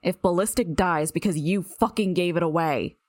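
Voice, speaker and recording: A woman's voice: lowish voice, moderate pace, darkish tone, no room sound, natural voice. A woman voicing a hot-tempered young man who curses and accuses, in an audiobook reading. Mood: angry. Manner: cursing, accusing.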